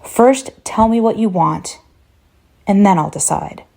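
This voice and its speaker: A woman plays a scared but defiant young man, loud and swearing as he lashes out. The voice is dark and gravelly with a husky grain. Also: medium pitch, measured pace. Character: frightened, furious young man lashing out.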